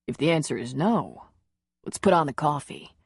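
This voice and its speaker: A woman's voice: big pitch swings, normal speed, vocal fry, breathy edge, no echo, studio quality, exaggerated voice. A woman voicing a tender, reassuring man. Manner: gentle, reassuring, low murmur. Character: tender confident adult man, a lover.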